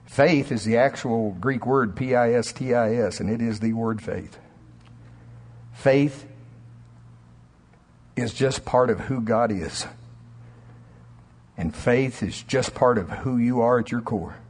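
A man preaching a sermon in church, telling stories in an animated way and often laughing. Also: medium pitch, takes it slowly, long pauses. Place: church sanctuary.

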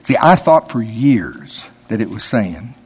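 A man preaching a sermon in a conversational way, laughing and teasing his listeners, rising in pitch and volume when he stresses a point. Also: big pitch swings, a little slow, darkish tone, slightly rough.

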